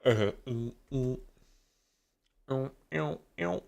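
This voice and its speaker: A man's voice: mid-range voice, extremely slow, gravelly, darkish tone. A man hosting a live stream early in the morning, still half asleep, drowsily chatting with viewers and greeting them by name. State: sleepy, just woken up. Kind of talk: casual live reaction chat.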